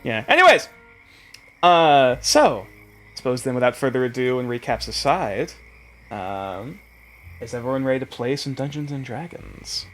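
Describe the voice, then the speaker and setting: A man's voice: mid-range voice, big pitch swings, moderate pace, a bit bright. A man acts as game master for a tabletop session, his voice rising and falling animatedly. He rambles, restarts and jokes between narrating. Faint music plays underneath.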